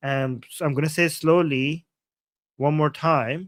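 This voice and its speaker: Higher-voiced man interpreting live. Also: fairly even intonation, no room sound. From Iran. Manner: thinking aloud, halting restarts while translating. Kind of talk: live stream commentary, interpreting from Persian.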